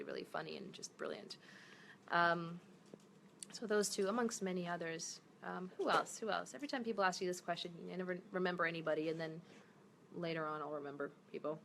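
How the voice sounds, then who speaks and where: A chatty woman in her thirties answers fan comments in a relaxed live stream. Her voice is bright and a bit tense, with a gravelly fry, and she drifts between English and Portuguese as she talks. There is faint noise behind her. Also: on the low side, fast. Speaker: actress.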